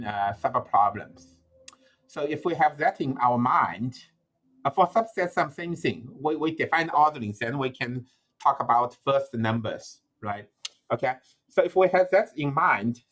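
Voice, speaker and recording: A man's voice: medium pitch, a bit bright. Man lecturing, thinking aloud. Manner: thinking aloud with frequent "uh" and self-corrections. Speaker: university lecturer. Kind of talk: recorded lecture.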